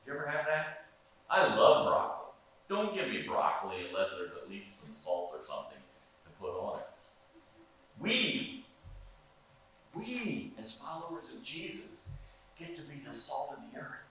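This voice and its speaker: An older male pastor preaches with a lively, swinging delivery, peppering his folksy sermon with questions to the congregation. He sounds far from the microphone in a very echoey church sanctuary, with a faint hiss underneath. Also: mid-range voice, moderate pace, long pauses.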